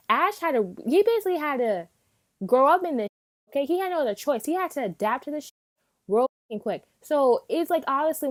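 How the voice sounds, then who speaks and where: Reviewing an anime in an off-the-cuff rant, a high-voiced woman speaks with animated emphasis, cursing frequently and performing her reactions in short, rapid bursts.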